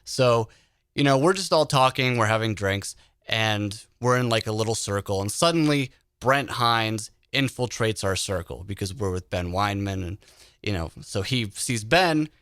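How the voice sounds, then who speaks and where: A man hosting a podcast, telling an animated story in a casual chat. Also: fairly low pitch, moderate pace, clean tone, no room sound, clean studio sound. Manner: animated storyteller who acts out quoted voices. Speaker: podcast host.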